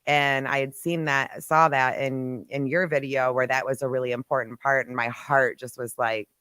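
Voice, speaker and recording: Frank live-podcast host, mid-pitched voice, dry close mic, earnest. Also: flat delivery, normal speed, pushed and bright, smooth, dry recording. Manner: frank, earnest, a bit profane. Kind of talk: casual live-stream chat.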